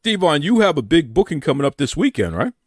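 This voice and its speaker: A man's voice: fairly high pitch, very animated, quick pace, breathy edge, no room sound, studio quality. A man hosting a podcast interview, upbeat and agreeable as he plugs his guest. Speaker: podcast host.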